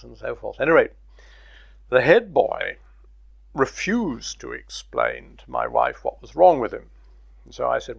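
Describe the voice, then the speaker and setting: A man's voice: mid-range voice, very animated, moderate pace, vocal fry, husky, dry recording. An older man recalling his career in an oral history interview, telling stories with chuckles. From Britain. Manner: anecdotal, chuckling storyteller.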